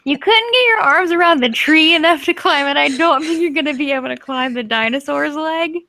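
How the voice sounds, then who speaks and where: Higher-voiced woman running a game. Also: sharp tone. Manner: casual, laughing easily, quick asides. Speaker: game master. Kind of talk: narrating a tabletop game.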